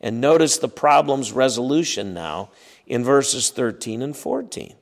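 A man's voice: medium pitch, sing-song, measured pace, creaky. A man preaching an expository sermon, emphatic and often repeating his words as he acts out the scripture scenes.

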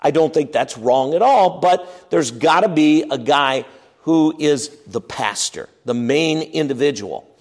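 A man preaching an expository sermon as pastor, emphatic and animated, acting out objections and dropping to quiet asides. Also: on the high side, measured pace. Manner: animated, emphatic, swings between loud and quiet; acts out quoted objections.

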